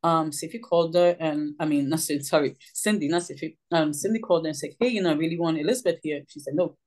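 Woman podcast guest, lowish voice, casual storyteller, filler-heavy. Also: quick pace, a little mellow. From Puerto Rico. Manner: chatty, many fillers like "you know" and "um". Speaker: podcast guest, social worker.

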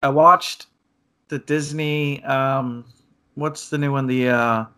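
A man's voice: medium pitch, fairly even intonation, takes it slowly, bright, forceful tone, smooth. A man hosting a podcast in casual chat, joking and poking fun at himself. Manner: jokey and self-deprecating. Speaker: podcast host.

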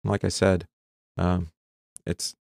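A man's voice: low voice, flat delivery, slow pace, vocal fry, a little mellow, no echo, studio quality. A middle-aged man, a pastor, reading long scripture passages with rising emphasis and explaining them in loose, filler-laced asides. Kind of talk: bible reading and teaching.

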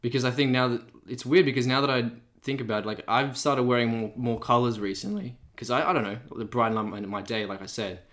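A young man co-hosting a podcast, talking casually and thoughtfully with a croaky, sore voice. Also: mid-range voice, fast talker, hardly any pauses, fairly bright tone. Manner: thoughtful, rambling with restarts. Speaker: podcast co-host. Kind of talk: casual chat.

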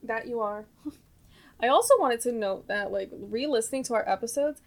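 A woman's voice: a little high, normal speed. A young woman co-hosting a podcast, talking in a loose, giggly way with a light New Jersey accent. She chats with her friend and slips into voices now and then. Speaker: podcast co-host. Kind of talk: casual chat.

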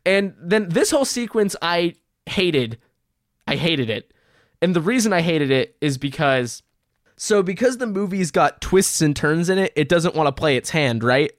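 Man, podcast co-host, bluntly sarcastic movie recap, swears freely, fairly high voice, dry close sound. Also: expressive, moderate pace, dry recording. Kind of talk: casual chat.

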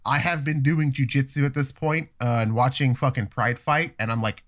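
A man in his thirties with a voice pitched in the middle range spins a profane story in a relaxed, conversational way. His delivery is animated, and he slips into the voices of the people he quotes. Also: normal speed, few pauses. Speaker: storyteller guest. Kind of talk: casual storytelling.

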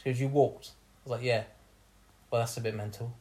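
A man's voice: medium pitch, fairly even intonation, brisk, a little mellow. A young man telling a bawdy story on a casual podcast, laughing often as he acts out what people said.

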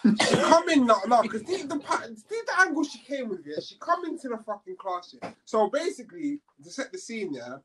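A man's voice: extremely high pitch, sing-song, a crowd in the background, low-quality recording. Young guy, wide swooping voice, laughter all around. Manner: builds a story slowly, laughs often. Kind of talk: casual storytelling.

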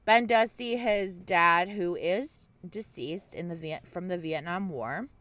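A woman's voice: fairly low pitch, takes it slowly. A woman in her twenties co-hosting a podcast, recapping bluntly in casual chat. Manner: lively storyteller, blunt. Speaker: podcast co-host.

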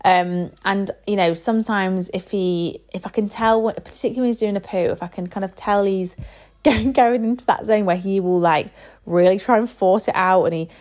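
A woman's voice: mid-range voice, moderate pace, darkish tone. A woman in her thirties, a parent chatting casually and rambling with lots of fillers. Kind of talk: casual chat.

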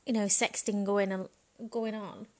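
A woman's voice: medium pitch, flat delivery, unhurried. A woman in a frank, bawdy comedic monologue, chatting casually and laughing often. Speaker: vlogger.

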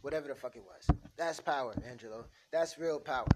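A man's voice: medium pitch, brisk, heavy background noise, pitched below the performer's own voice, close to an everyday voice. A man reading a script aloud and voicing a hot-tempered, profane male mob boss who lectures bluntly. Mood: ranting.

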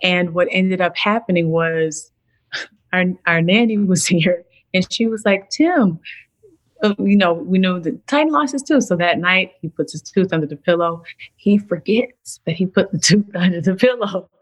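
A woman in her thirties chatting in a casual interview, telling animated stories and acting out the voices of family members. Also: lowish voice, normal speed, poor audio. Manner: animated storyteller, acts out voices. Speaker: guest, actress and producer.

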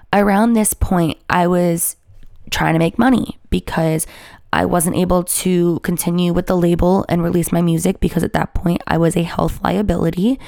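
A woman's voice: lowish voice, vocal fry, a little mellow, dry recording, studio quality. A woman in her twenties, a YouTuber telling a personal story to her viewers in a candid, rambling way, full of "like" and restarts. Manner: rambling, confessional, heavy with "like" and restarts.

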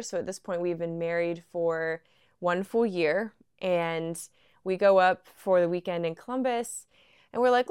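A young woman tells her story in a chatty, animated way, laughing easily as she goes. Her voice is smooth and clear. The sound is dry and close, with no room echo. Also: fairly low pitch. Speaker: podcast host. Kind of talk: casual storytelling. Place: at home.

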